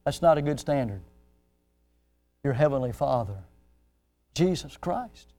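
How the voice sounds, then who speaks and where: A male pastor preaching a sermon, swelling in pitch and volume as he acts out the people he quotes. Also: lively intonation, unhurried, long pauses, warm tone.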